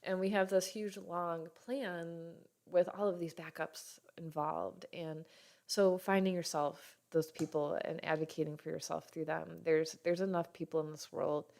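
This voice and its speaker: A woman in her thirties hosting a podcast as a doctor, talking frankly and warmly in an unscripted way, and sometimes acting out what others say. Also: deep voice, flat delivery, moderate pace. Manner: frank and heartfelt, swears casually, acts out others' lines. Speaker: podcast host, functional medicine doctor. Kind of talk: candid solo podcast talk.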